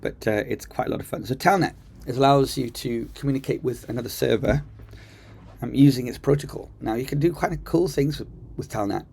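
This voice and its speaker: Gravelly, husky man teaching coding. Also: medium pitch, a little fast, darkish tone. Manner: chatty, enthusiastic, thinks aloud with ums. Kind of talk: casual screen-recorded tutorial. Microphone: computer mic while screen recording.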